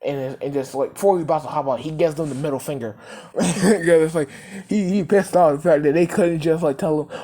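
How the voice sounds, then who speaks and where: A woman's voice: low voice, a little fast, dark tone. A woman casually retelling a fan story, rambling with lots of fillers and swearing. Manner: rambling, filler-heavy, cursing, laughing.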